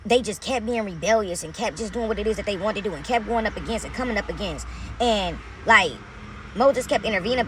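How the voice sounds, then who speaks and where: A woman's voice: medium pitch, a bit bright, slight background noise. A woman talking about her faith from inside her parked car, emphatic and repetitive, calling listeners honey and baby. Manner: preachy, emphatic, repeats phrases for effect; calls viewers honey and baby. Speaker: vlogger sharing her faith. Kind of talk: casual faith talk to camera.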